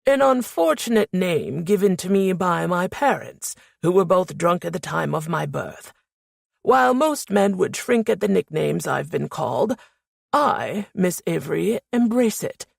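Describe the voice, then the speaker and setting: A woman's voice: lowish voice, normal speed, creaky, a little mellow, dry recording, clean studio sound. A woman doing a cocky wisecracking security chief. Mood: mock grand. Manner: teasing, showy, puts on a mock English accent. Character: cocky joking young man, head of security.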